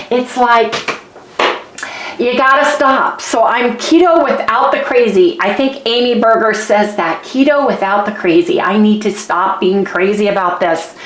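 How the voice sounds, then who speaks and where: A woman vlogging in a chatty, rambling way, ranting casually to her viewers. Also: a little high. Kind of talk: casual vlog rant. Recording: echoey room.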